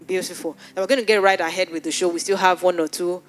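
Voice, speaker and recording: A woman's voice: on the low side, fairly even intonation, fast. A woman pastor leading an altar call in a church, speaking earnestly and pleading, often repeating her words. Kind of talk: sermon altar call and prayer. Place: church hall with live audience.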